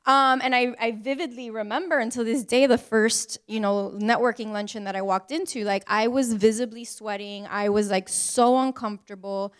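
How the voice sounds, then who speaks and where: A woman in her forties talking casually on a panel, full of "like" fillers and quick laughs. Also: medium pitch, fairly even intonation, clean tone. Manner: chatty, many "like" fillers, laughs between points.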